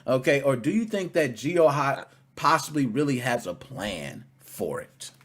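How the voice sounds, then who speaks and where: A man hosting a casual gaming podcast, teasing his guest and talking with animated swings between loud and quiet. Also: mid-range voice, measured pace, slightly rough. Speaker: podcast host.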